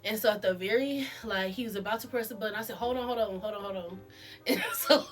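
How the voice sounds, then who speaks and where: A woman's voice: medium pitch, quick pace, soft background music. A woman vlogger telling a casual storytime, chatty and self-mocking, laughing often as she goes.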